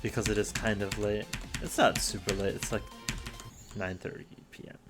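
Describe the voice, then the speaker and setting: A man's voice: fairly low pitch, level tone, normal speed, music in the background. A young man hosting his own show in a casual solo monologue, rambling and self-deprecating with many restarts, a little out of breath. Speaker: host.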